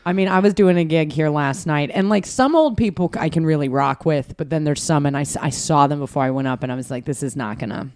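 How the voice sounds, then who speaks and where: A woman's voice: low-pitched, fast talker, few pauses, darkish tone, clear, resonant tone. An American woman comedian with an East Coast accent, telling stories animatedly and swearing freely as a podcast guest. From United States. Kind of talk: casual interview chat.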